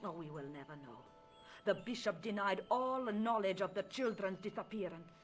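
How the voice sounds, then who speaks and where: An actress voicing a proud, formal countess in a video game, with an imperious, dramatic manner. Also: female voice, mid-range voice, animated, normal speed, soft background music, close to an everyday voice. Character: proud Spanish countess, haughty, bitter, later hopeful.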